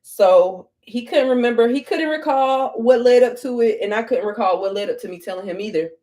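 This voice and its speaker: A woman's voice: fairly high pitch, fairly quick, mellow. A young woman telling stories to viewers in a casual get-ready-with-me vlog, blunt and full of profanity. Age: young adult. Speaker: vlogger.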